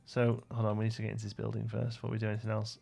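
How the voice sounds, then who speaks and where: A man's voice: fairly low pitch, monotone, rapid-fire, gravelly, darkish tone. A young British man livestreaming a building game, rambling to himself and answering chat questions in a casual way. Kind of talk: casual live-stream chat while building.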